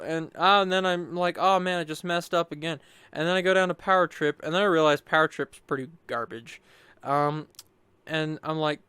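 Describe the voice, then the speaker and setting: A man's voice: a little high, steady tone, moderate pace, pushed and bright, smooth, no room sound. A young man casually recapping his gameplay in a rambling, upbeat way, full of fillers and quoted asides. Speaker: gaming YouTuber.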